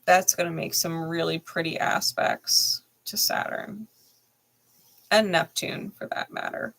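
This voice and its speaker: A woman's voice: fairly low pitch, fairly even intonation, unhurried, gravelly, fairly bright tone. A woman hosting a live tarot reading who swears bluntly, laughs often and repeats phrases for emphasis. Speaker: tarot reader and channel host.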